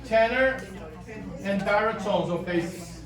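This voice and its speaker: A choir director patiently walks singers through their parts, switching between Spanish and English. She speaks at a slow pace in a mid-range voice, recorded from a distance in a reverberant room with chatter behind.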